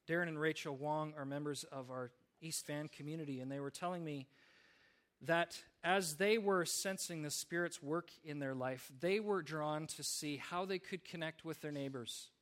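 Guy giving a sermon, earnest, tells stories, slightly higher voice. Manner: storytelling, earnest, with small restarts. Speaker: pastor.

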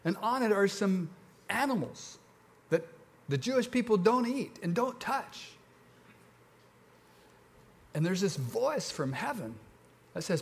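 A man with a Southern accent preaching a sermon, telling the story in a relaxed, conversational way with lively ups and downs. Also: high voice, slow pace, long pauses, slight background noise. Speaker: pastor.

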